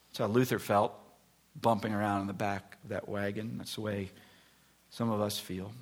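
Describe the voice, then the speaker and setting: Guy preaching a sermon, gravelly husky voice, acts out the people in his stories. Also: lowish voice, normal speed. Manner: animated storytelling, acting out voices. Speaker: pastor.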